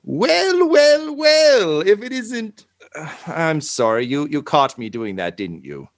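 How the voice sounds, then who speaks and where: A man's voice: fairly high pitch, very animated, slow, dry recording, studio quality, voice pushed up, heavily acted. A man voicing a flustered, rumpled, bookish male scholar who stammers and apologizes. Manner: hesitant and fumbling, stammering apologies.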